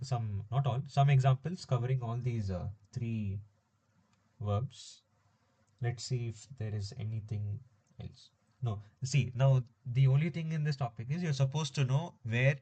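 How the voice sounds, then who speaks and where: A man teaching a French grammar lesson in a relaxed, informal way, explaining step by step with frequent fillers. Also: mid-range voice. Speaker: French tutor. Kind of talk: informal recorded language lesson.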